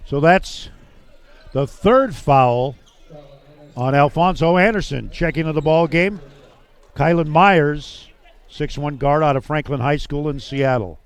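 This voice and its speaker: A man's voice: a little high, unhurried, clear, resonant tone. A man calling a live basketball game play by play, chatty and thinking aloud as he goes. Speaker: play-by-play announcer.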